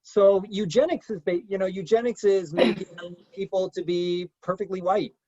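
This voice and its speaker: A man with a notably high voice leads a group discussion, lecturing in a loose, conversational way. He hesitates often and pads his sentences with fillers. The recording is dry and dull, with a lo-fi edge. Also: fairly even intonation, normal speed, darkish tone, no echo. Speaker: discussion leader.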